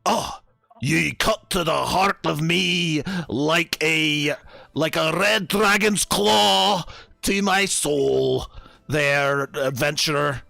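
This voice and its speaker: A man's voice: a little high, creaky, bright, forceful tone, dry recording, exaggerated voice. A man playing a pompous, boastful dragon slayer. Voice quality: pompous, theatrical, drawn-out. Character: boastful pompous male dragon-slayer braggart, middle-aged.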